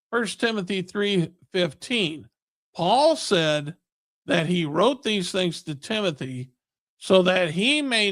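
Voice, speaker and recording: A man's voice: sits high, fairly bright tone, no echo. A man preaching a recorded Bible lesson, emphatic and asking rhetorical questions. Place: Kearney, Missouri area church.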